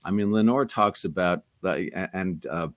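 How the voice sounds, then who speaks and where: Guest voice actor, middle-aged man, very low voice, rambly anecdotes, dry close sound. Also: normal speed, no echo. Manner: rambling, many restarts and asides. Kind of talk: casual interview storytelling.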